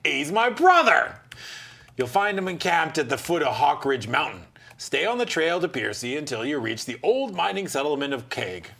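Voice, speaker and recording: A hearty, weather-beaten old soldier, as a man voices him in a gamebook adventure. His voice rides higher than the reader's own, rough and gravelly at the edges, and it swings widely as he booms out his lines. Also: very animated, moderate pace, pushed and bright, heavily acted.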